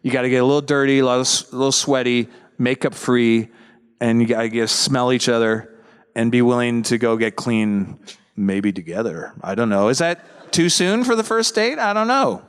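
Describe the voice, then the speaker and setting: A man's voice: medium pitch, animated, moderate pace, clear, resonant tone, long reverb tail. A man at a convention panel, joking and chatting with fans in a playful, talkative way. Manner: chatty, playful, jokey asides. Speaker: convention panel guest actor. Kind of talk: casual joking Q&A.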